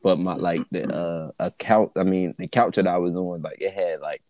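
A young man co-hosting a podcast, telling stories in relaxed slang-heavy casual chat. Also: low-pitched, normal speed, slight background noise. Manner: laid-back storytelling with slang and frequent laughter. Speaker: podcast co-host.

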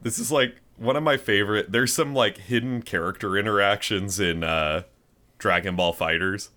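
Give me a lower-pitched man with a bright voice chatting on a podcast. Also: moderate pace. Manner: enthusiastic, laughs often, hedges with "like". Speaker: podcast co-host. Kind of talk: casual chat.

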